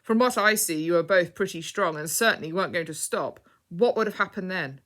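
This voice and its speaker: A woman's voice: lowish voice, fairly quick, lightly acted. A woman voicing a stern, commanding knightly man. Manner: firm, authoritative and loud.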